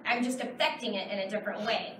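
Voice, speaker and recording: A woman's voice: mid-range voice, quick pace, echoey room, far from the mic, background noise. A woman in her thirties from Texas, answering audience questions at a convention panel in a chatty, rambling way. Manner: chatty, explains with many fillers. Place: large convention hall. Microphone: far camera in the audience.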